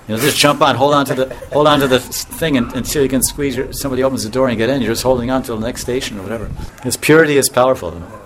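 Guy giving a loose devotional talk, laughs a lot, restarts sentences, does little voices, mid pitch, faint noise behind. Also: very fast, few pauses. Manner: chuckling often, rambling with restarts; acts out voices in anecdotes. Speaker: spiritual teacher.

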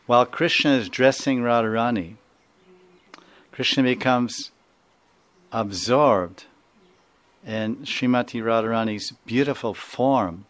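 A man's voice: mid-range voice, a bit bright. A man giving a devotional lecture, digressive and prone to laughing, who acts out sounds as he goes. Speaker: spiritual teacher.

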